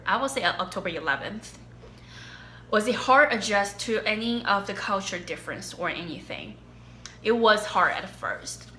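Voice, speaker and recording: A young woman with a Chinese accent talks through viewer questions in a loose, animated way and laughs often. Her voice is bright and clear at a medium pitch. The room around her sounds echoey. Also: a little hiss or hum. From China. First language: Mandarin Chinese. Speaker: vlogger. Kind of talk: casual Q&A chat.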